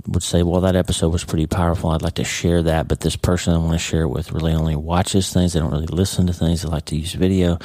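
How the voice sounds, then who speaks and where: A man with a very low, mellow voice teaches a Bible study method in a relaxed, chatty way. He often stops to check in with "okay?" and "right?". The recording is close and dry, with no room sound. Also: no echo. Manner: conversational, repeats words and checks in with "okay?" and "right?". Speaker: podcast host and Bible teacher. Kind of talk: casual devotional teaching.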